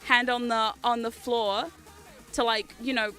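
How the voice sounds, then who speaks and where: Giggly high-voiced woman streamer in her thirties. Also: steady tone, measured pace, sharp tone, faint music behind. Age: 30s. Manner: chatty, giggly storytelling, reads chat aloud. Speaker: livestream host. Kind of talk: casual livestream chat.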